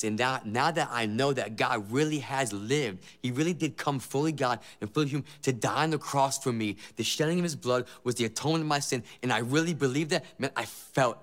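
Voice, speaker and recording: A man's voice: medium pitch, fairly bright tone. A man giving a personal faith testimony as a former gang member, emotional and earnest, with many repeated phrases. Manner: emotional, repetitive, earnest storytelling.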